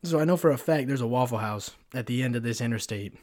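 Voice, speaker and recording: A man's voice: medium pitch, fast talker, a little mellow. A young man hosting a solo podcast, rambling through a story with constant swearing and fillers, close on a pop-filter mic. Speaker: podcast host. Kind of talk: casual solo podcast rant.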